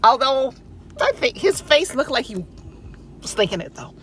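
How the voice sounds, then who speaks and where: A woman's voice: high-pitched, very animated, moderate pace, a bit bright, a little hiss or hum. A woman chatting playfully in a casual vlog, often laughing, from her car. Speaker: vlogger. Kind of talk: casual chat.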